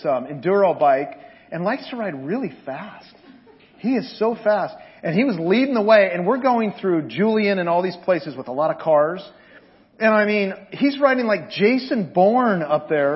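High-voiced preacher telling lively stories. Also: male voice, lo-fi sound. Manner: animated storytelling, jokes with the congregation. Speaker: pastor. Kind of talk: sermon.

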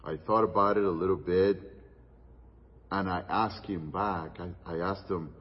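A man preaching a sermon, telling a story with dramatic pauses and dropping to hushed tones for quoted words. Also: sits low, fairly even intonation, husky. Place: church hall. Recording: distant, muffled church hall recording with long reverb.

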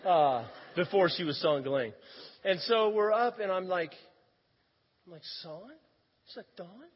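A man preaching a sermon as an animated storyteller who often breaks into laughter. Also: sits high, moderate pace, husky. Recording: echoey hall, dull lo-fi sound.

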